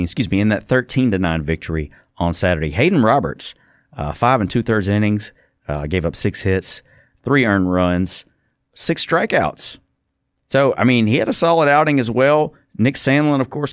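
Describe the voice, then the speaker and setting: A male guest on a sports radio show, speaking in a lowish voice. The sound is dry and close. He reads off numbers casually and stops to fix his own slips. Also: lively intonation, moderate pace, dry recording. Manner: reads off game stats, corrects himself. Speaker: studio guest. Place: radio studio.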